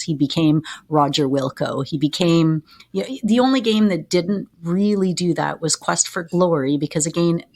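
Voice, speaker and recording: A woman co-hosting a casual podcast about old games, laying out her points with confidence. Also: low voice. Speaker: podcast co-host.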